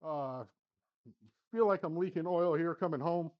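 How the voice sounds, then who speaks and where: A man's voice: on the high side, unhurried, muffled recording. A man hosting a sim golf channel, talking through his own round shot by shot, muttering to himself and swinging between flustered and upbeat. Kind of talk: casual play-by-play commentary. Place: home golf simulator studio.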